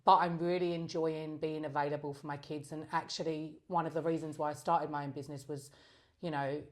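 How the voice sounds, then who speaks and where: A woman's voice: low-pitched, flat delivery, fairly quick. A middle-aged woman co-hosting a casual podcast chat, chatty and asking probing questions. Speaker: podcast co-host.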